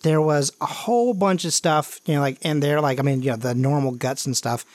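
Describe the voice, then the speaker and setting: A man's voice: fairly high pitch, fairly quick, no echo. A man narrating a tabletop role-playing game as game master, in loose, filler-heavy talk.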